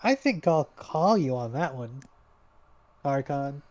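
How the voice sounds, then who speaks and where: A man playing a tabletop game who talks in a relaxed, dry way. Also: medium pitch, slow, highs cut off. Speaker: player. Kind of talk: casual chat at a tabletop game.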